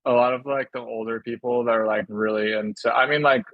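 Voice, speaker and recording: A man in his thirties rambles through a casual conversation with a gravelly, fry-tinged voice, stopping and restarting often. The sound is dull and lo-fi, dry, with little room around it. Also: medium pitch, fairly even intonation, a little fast, no room sound. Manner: rambling, hesitant, many fillers. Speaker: podcast guest, shoe designer. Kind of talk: casual chat.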